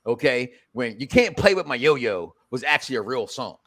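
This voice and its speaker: A man's voice: mid-range voice, big pitch swings, normal speed, a bit bright. A man hosting a casual reality-show review chat, joking and rambling, often restarting his sentences. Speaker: podcast host.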